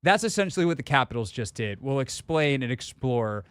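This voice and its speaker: A man hosting a sports radio show, talking in a relaxed, jokey way into a studio microphone. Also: medium pitch, brisk, clean tone, no room sound. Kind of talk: casual radio talk.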